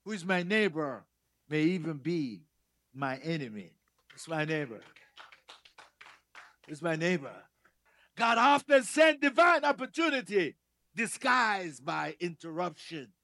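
A man preaching a sermon in a church, emphatic, repeating key phrases and swinging between loud declarations and soft asides. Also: fairly high pitch, sing-song, measured pace, long pauses, no echo, studio quality.

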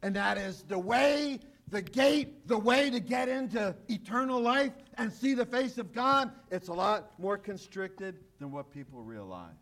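High-voiced preaching man. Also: expressive, unhurried, few pauses. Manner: emphatic, repeats key phrases, drops often to a hushed low voice. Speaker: pastor. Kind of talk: sermon.

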